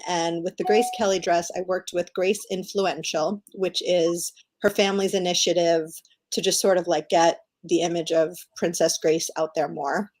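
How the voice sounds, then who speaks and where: Enthusiastic woman telling stories on a call. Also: on the low side. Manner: enthusiastic, animated storyteller. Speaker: guest author. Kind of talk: casual interview chat.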